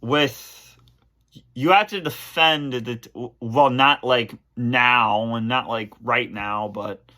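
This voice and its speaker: Halting, emotional man with a bright voice. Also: medium pitch. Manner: halting, emotional, many fillers and restarts. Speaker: channel host. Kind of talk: answering fan questions on camera.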